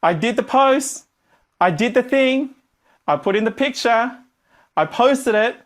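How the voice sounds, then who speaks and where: A man playing a panicky beginner coach who whines and wails in a high voice during a live workshop. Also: sing-song, a little slow, a bit bright, exaggerated voice. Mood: defensive whining. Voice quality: high, whiny, wailing. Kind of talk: acted example in a live workshop.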